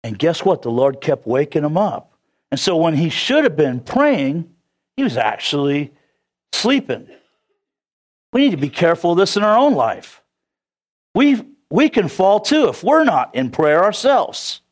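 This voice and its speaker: Chatty Californian preacher, slightly high voice. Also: male voice, sing-song, measured pace. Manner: casual and chatty, laughs between points. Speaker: pastor. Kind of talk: conversational sermon.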